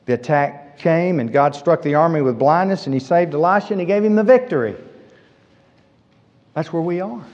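A fairly high-voiced man preaches with emphasis, repeating lines to drive them home. His voice rings through a hall with a long tail of reverb. The recording is dull and lo-fi. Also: lively intonation, normal speed, darkish tone. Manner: emphatic, repeats key phrases. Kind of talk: sermon.

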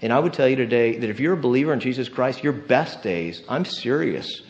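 A man preaching a sermon with animated delivery, acting out quoted voices and dropping from loud lines to hushed ones. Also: mid-range voice, a little fast, dull audio. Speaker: pastor.

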